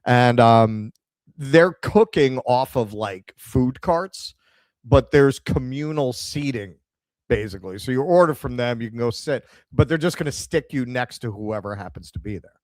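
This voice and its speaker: A middle-aged podcast co-host with a New York accent tells a story in a casual chat, animating it with quoted dialogue. He has a medium-pitched voice and a measured pace, and the recording has no echo.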